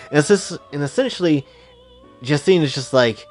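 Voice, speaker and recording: A man's voice: a little high, expressive, fairly quick, soft background music. A man casually narrating a fan story in a slangy, rambling, playful way.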